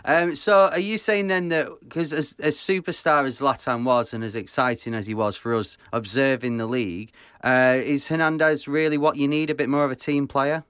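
A man's voice: medium pitch, fairly even intonation, normal speed, few pauses, fairly bright tone, clean tone, no room sound. A man hosting a casual interview, asking questions in a friendly, conversational way. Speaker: host.

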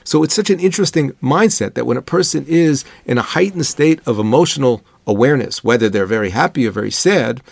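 A man delivers a Torah lesson in a slightly gravelly, mid-pitched voice. He speaks earnestly and thoughtfully, moving easily between English and Hebrew terms. The recording is dry and close, with no room sound. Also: lively intonation, fast, few pauses, no room sound. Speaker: rabbi giving a Torah lesson. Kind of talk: Torah lecture, explanatory.

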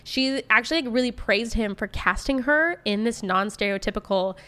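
A young woman presenting a topic in relaxed conversation, sprinkling in fillers as she goes. Her voice is smooth and resonant and sits a little higher than most. She sounds easy and conversational. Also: moderate pace. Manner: chatty, reads out quotes, many likes and you knows. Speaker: podcast host presenting a topic. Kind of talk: casual chat.

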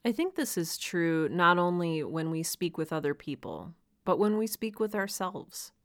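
Solo podcast host, woman, lowish voice, earnest and encouraging. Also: animated, moderate pace. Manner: earnest, encouraging, laughs lightly now and then. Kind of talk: solo podcast talk to writers.

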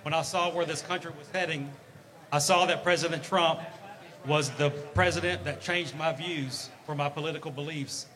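A man's voice: on the high side, fairly even intonation, normal speed, fairly bright tone. A man speaking earnestly and emphatically at a convention. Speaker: interviewee. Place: convention floor.

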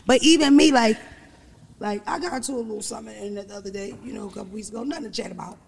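Raspy, gravelly woman with hall echo. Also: very fast. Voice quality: deep raspy voice. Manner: loud, blunt, swears freely, animated storytelling. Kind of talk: casual chat.

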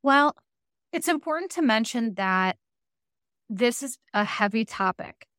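A woman's voice: a little high, animated, measured pace, a bit bright, no room sound, studio quality. A woman guest therapist on a podcast, speaking in an earnest, emphatic and reassuring way. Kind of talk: podcast conversation.

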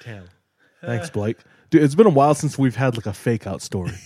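A man's voice: medium pitch, animated, fairly quick, darkish tone, no room sound. A man co-hosting a podcast in casual chat, with a laid-back, joking manner. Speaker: podcast co-host.

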